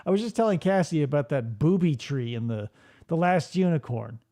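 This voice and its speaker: A man's voice: a little high, expressive, a little fast, dark tone. A man hosting a radio show, casually joking and swearing while reacting to old commercials. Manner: joking, profane, riffing.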